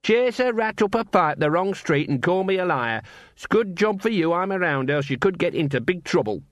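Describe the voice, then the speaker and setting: A man's voice: high voice, very animated, normal speed, no room sound, voice pushed up. A man voicing a scruffy, smug, streetwise male mongrel dog with cocky slang, read in a dry, close audiobook recording.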